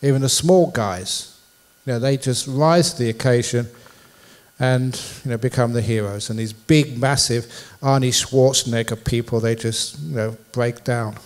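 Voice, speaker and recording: A man's voice: mid-range voice, moderate pace. A man, a Buddhist monk, giving a public dharma talk in a university hall, a playful storyteller who jokes with his audience.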